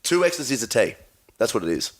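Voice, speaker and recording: A man's voice: medium pitch, big pitch swings, brisk. A man co-hosting a podcast in casual chat, teasing and joking, laughing often. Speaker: podcast co-host.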